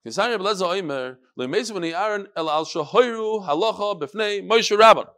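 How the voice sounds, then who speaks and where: Animated man teaching a Talmud class. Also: high-pitched, a little fast. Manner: animated, sing-song study cadence mixing Hebrew and Yiddish terms.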